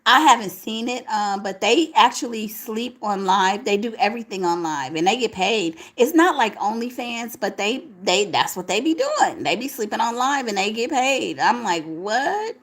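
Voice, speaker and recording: A woman's voice: a little high, big pitch swings, moderate pace, few pauses, a bit bright. Tired chatty woman livestreaming late. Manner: sleepy, chatty, slangy. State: tired, voice crackling. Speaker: livestream host. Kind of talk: late-night livestream chat, reading viewer comments. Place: home alone.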